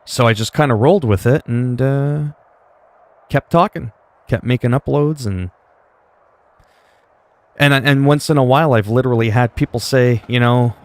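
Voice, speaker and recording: A man from Canada chatting casually on a livestream, with a mellow, soothing voice and a rambling, joking, foul-mouthed manner. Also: mid-range voice, moderate pace, pauses often. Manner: rambling, joking, heavy swearing.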